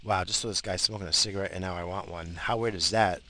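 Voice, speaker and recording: A man's voice: low voice, fast talker, few pauses, sharp tone, low-quality recording. A man, rambling profanely as a casual podcast host while driving. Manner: profane, blunt, bursts of road rage.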